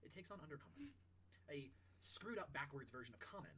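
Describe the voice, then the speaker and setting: A man narrating a tabletop game as game master, in an animated way, often laughing. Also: on the high side, a little fast, a little hiss or hum, poor audio.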